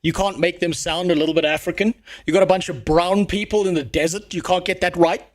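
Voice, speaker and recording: A man's voice: high-pitched, steady tone, fairly quick. A man streaming live, talking bluntly and profanely in a ranting commentary. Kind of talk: casual livestream commentary.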